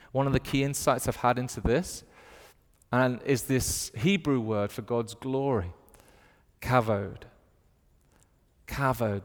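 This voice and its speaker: A man from the north of England with his own Northern accent, delivering a sermon in an animated storytelling manner. His middling voice carries a long reverb from a large hall. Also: mid-range voice. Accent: Northern English. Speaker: preacher.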